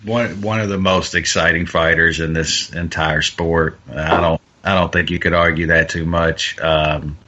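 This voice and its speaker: A man's voice: low-pitched, steady tone, unhurried, hardly any pauses, bright, forceful tone, muffled recording. A man co-hosting a podcast, chatting casually about fights and bets, often restarting and repeating his words. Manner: hesitant, many restarts and stammered repeats. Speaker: podcast co-host. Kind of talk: casual MMA betting talk.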